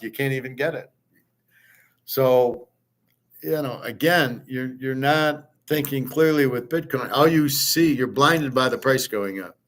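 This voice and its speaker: A middle-aged man hosting a show, rambling through a sarcastic, opinionated monologue with frequent restarts. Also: mid-range voice. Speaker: host.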